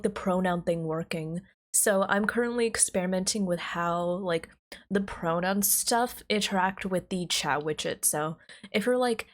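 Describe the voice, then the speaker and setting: A woman, streaming live and chatting casually with her viewers, bubbly and giggly. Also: mid-range voice. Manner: bubbly, giggly, greets chat warmly.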